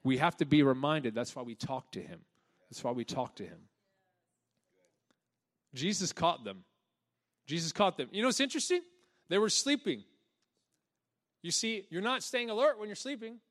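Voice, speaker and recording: A young male preacher with a slightly high voice gives an energetic, conversational sermon. He laughs often and acts out little quotes in a hushed, lower voice. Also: fairly quick. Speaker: pastor.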